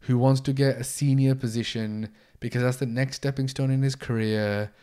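A man hosting his own podcast in a casual solo monologue, blunt and energetic, swearing freely. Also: mid-range voice. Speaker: podcast host, entrepreneur.

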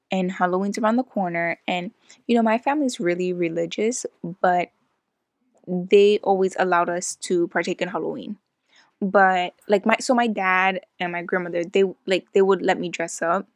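A woman's voice: lowish voice, vocal fry, no echo. Chatty woman, dry close sound. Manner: chatty, animated storytelling with many "like"s. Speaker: podcast co-host. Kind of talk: casual chat.

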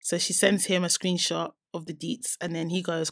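Animated woman telling a story. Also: lowish voice, normal speed, vocal fry, few pauses, no room sound, studio quality. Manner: animated storyteller, voices both sides of a quoted chat. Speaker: podcast co-host. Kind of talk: casual chat, reading out a text exchange.

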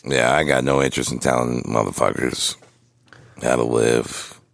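A man in a casual, profane podcast chat, laid-back and laughing often, with a gravelly voice. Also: extremely low pitch, steady tone, moderate pace, no echo, studio quality.

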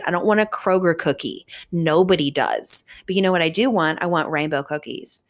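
A woman in her twenties from the Richmond, Virginia area, hosting a podcast in casual solo chat, animated and swearing freely. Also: lowish voice, moderate pace, few pauses. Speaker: podcast host.

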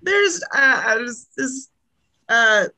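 A woman's voice: fairly high pitch, very animated, takes it slowly, vocal fry, background noise. A woman talking as a podcast guest in casual chat, enthusiastic and laughing often, with frequent hesitations.

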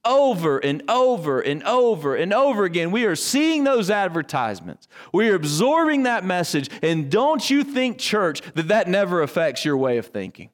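A man's voice: high-pitched, sing-song, normal speed, few pauses. A male pastor preaching a sermon, building emphasis through repetition and rhetorical questions.

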